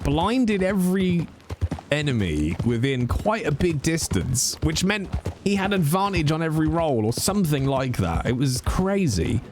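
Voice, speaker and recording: Man chatting casually on stream, lively pitch. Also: noisy background. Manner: rambling, swears freely. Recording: music playing behind.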